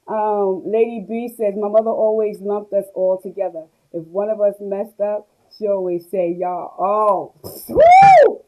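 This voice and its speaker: Lady in her 40s doing a live stream, warm mellow voice, laughs a lot, answers comments. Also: medium pitch, rough recording. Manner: animated, laughing, reads comments aloud and answers them. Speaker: host of a live stream reading viewer comments. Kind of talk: casual live stream talk.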